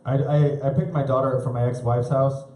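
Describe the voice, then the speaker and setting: A man in his thirties doing live stand-up comedy on a club stage, rambling and self-deprecating, with halting restarts. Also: mid-range voice, level tone, mellow, a little hiss or hum. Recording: roomy live club recording.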